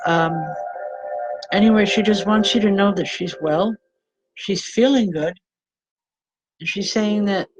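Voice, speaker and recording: A woman working as a spiritual medium, giving live readings and passing on messages in an earnest, gentle, halting way. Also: fairly low pitch, rough recording. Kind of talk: live online psychic readings.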